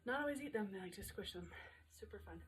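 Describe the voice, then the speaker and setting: A woman's voice: mid-range voice, expressive, fast talker, a little hiss or hum. A woman in her thirties coaching a home workout while exercising along, chatty and upbeat, out of breath, cueing moves between breaths. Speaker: fitness instructor.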